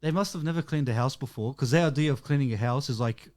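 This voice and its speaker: A man's voice: medium pitch, fast talker. A young man, co-hosting a casual chat and telling stories, acting out what people said. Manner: animated storyteller acting out quotes. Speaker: podcast co-host.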